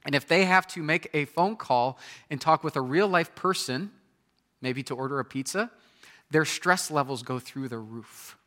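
Guy preaching, bright forward voice, asks lots of questions, earnest. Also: fairly high pitch, normal speed. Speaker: pastor. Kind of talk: sermon.

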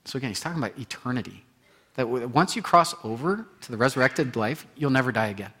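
A man preaching a sermon in an animated way, acting out inner voices and repeating phrases for emphasis. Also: medium pitch, fast talker, husky. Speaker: pastor.

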